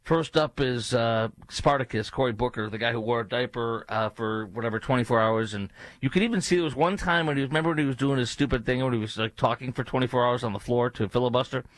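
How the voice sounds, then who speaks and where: A man's voice: medium pitch, quick pace. A male talk show host giving opinionated commentary in a sarcastic, mocking manner, with rambling asides.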